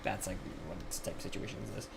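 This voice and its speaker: A man's voice: fast talker, slight background noise. A young man telling a rambling, profane story while streaming a game live.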